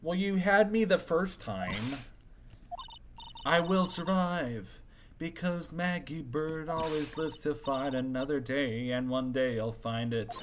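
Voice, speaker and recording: A man's voice: on the high side, slow pace, slight background noise. A man voicing an earnest, unlucky young female police officer in an amateur game voice-over, with game music behind. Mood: determined. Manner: clumsy, says "sir" a lot.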